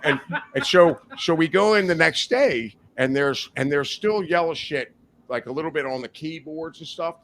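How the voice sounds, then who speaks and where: A man's voice: fairly high pitch, normal speed, a bit bright. A man, a podcast guest, telling a wild story in a rowdy, profane, laughing way. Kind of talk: casual storytelling. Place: studio.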